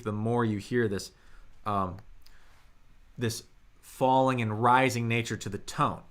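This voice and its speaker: Casting note: young American man, bright tone, easygoing livestream teacher who answers viewers as he goes. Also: medium pitch. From United States. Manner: chatty, answers viewers' questions, demonstrates tones. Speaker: Mandarin teacher. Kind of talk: live-streamed language lesson.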